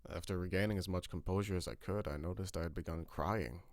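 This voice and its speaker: A man giving a scripted narration of a horror story with steady, grim storytelling. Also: sits low, fast talker, dry recording.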